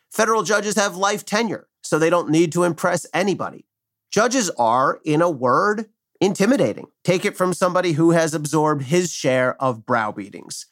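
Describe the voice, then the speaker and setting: A middle-aged man, a former prosecutor, reading an opinion commentary in a measured, wry, argumentative way. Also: a little high, fairly bright tone.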